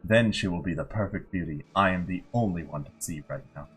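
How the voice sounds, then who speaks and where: A man reading aloud the diary of an obsessive vampire, in a low, deliberate voice. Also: faint music behind, lightly acted.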